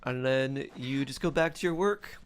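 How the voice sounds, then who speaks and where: A man streaming, casually retelling a dream in a chatty, animated way with many fillers. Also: mid-range voice, normal speed, clear, resonant tone.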